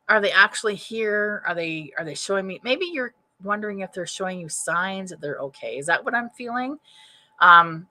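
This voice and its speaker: A woman's voice: lowish voice, bright, forceful tone. Chatty woman giving a psychic reading. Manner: rambling, chatty, thinks aloud with many restarts. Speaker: psychic medium. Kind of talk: live-streamed mediumship reading. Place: home, streaming live. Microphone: webcam or computer mic.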